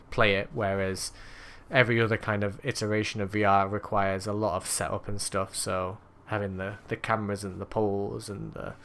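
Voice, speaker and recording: A man co-hosting a casual gaming podcast, chatting in a relaxed, rambling way. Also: lowish voice, slight background noise. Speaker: podcast co-host.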